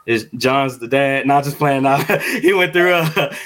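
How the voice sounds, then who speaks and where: A young man co-hosting a podcast as a father, talking in a heartfelt, halting way with many fillers and repeated words. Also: medium pitch, a bit bright. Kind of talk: heartfelt casual podcast talk.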